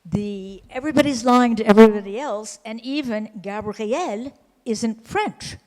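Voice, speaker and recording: A woman's voice: fairly high pitch, moderate pace, a little mellow, in a large hall, low-quality recording. A woman hosting an onstage interview, asking long, articulate, probing questions. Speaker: interviewer, host.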